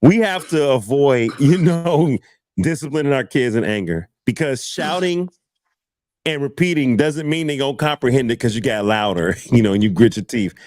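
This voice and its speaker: A man hosting a casual panel discussion, telling stories with laughter and animated asides. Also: mid-range voice, moderate pace, no room sound, studio quality. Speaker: host.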